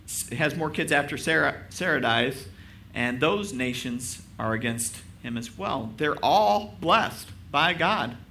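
A man preaches a sermon in a loose, chatty way, poking fun at himself and checking in with his listeners. His voice is bright and forceful and sits a bit high for a man. Faint room ambience hums behind him. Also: a little hiss or hum. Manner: casual, self-deprecating, asks the audience rhetorical questions. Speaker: pastor. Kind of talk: conversational sermon.

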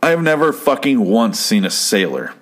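A young man from Arizona chatting casually, rambling and profane, with deadpan jokes. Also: mid-range voice, moderate pace. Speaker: podcast host reviewing an episode. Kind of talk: casual chat.

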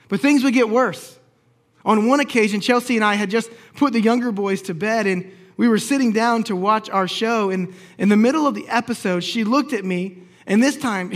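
A pastor telling a personal story in a sermon, acting out the lines of the people in it with humor. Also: male voice, high-pitched. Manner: storytelling, acts out quoted dialogue with humor.

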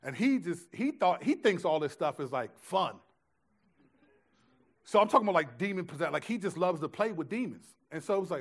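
Male pastor, fairly high voice, casual slangy sermon delivery, stops and restarts a lot. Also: a little slow, long pauses. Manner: animated storytelling with many restarts and slang.

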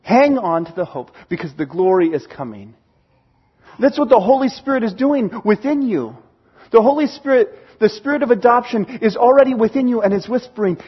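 Male preacher, high husky voice, earnest sermon that sinks to a hush at points. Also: dull audio. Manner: earnest, encouraging, drops to a hush for emphasis. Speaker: pastor.

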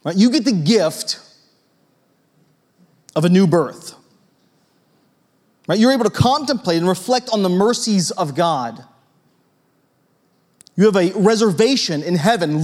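A man preaching a sermon in a church, conversational and lively, with a storytelling manner and frequent asides to his listeners. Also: high-pitched. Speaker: pastor.

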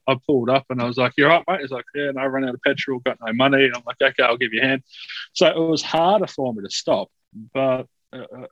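A man's voice: mid-range voice, a bit bright, no room sound, lo-fi sound. A man hosting a casual podcast chat, rambling and reflective as he tells anecdotes.

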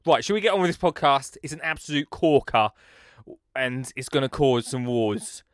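Excitable man hosting a podcast. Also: mid-range voice, moderate pace, no room sound, studio quality. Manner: excitable, jokey, rambling with restarts. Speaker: podcast host. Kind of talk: casual podcast chat.

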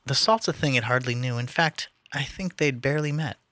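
A man's voice: mid-range voice, brisk, fairly bright tone, no echo. A man casually reading poetry aloud to friends, stumbling and restarting over words now and then. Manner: reads verse with stumbles, restarts and laughs.

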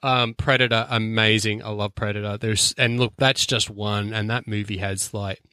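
Male podcast co-host, lowish voice, dry close sound, rambling and keen. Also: fairly even intonation, normal speed, sharp tone, clear, resonant tone, dry recording. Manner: rambling, filler-heavy, enthusiastic. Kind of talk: casual chat.

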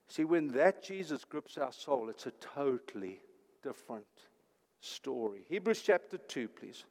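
An older man preaching a sermon, swinging between urgent loud declaring and hushed, quiet phrases. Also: medium pitch, very animated, unhurried, big-room sound. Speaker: pastor.

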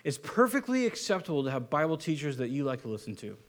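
A man preaching a casual, joking sermon as a pastor, with animated delivery and frequent restarts. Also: a little high, fast talker. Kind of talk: conversational Bible teaching sermon.

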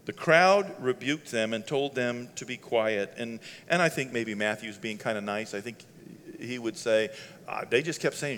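A man's voice: medium pitch, normal speed. Man preaching in a reverberant hall. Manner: conversational, laughs between lines, rises to loud shouting passages. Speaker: pastor. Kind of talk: sermon.

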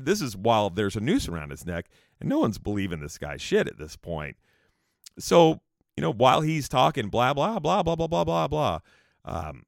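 A man's voice: fairly low pitch, no echo, studio quality. A man hosting a podcast, telling a history story casually, rambling with restarts and asides. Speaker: podcast host.

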